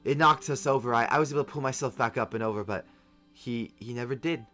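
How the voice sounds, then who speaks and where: A man voicing a calm, grieving woman who speaks quietly and slowly. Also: mid-range voice, faint music behind, lightly acted. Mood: somber.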